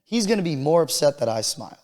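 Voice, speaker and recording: A man's voice: on the high side, big pitch swings, quick pace, darkish tone, in a large hall. A man co-hosting a podcast in casual chat. He is laid-back, swears freely and repeats words for emphasis. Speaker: podcast co-host.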